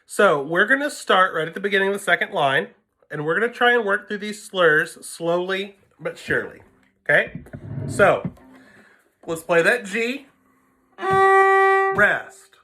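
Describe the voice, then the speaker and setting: A man's voice: high voice, lively intonation, unhurried, long pauses, bright, forceful tone. A man giving a patient music lesson, counting beats aloud and explaining notes to his students. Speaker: string teacher. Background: violin playing.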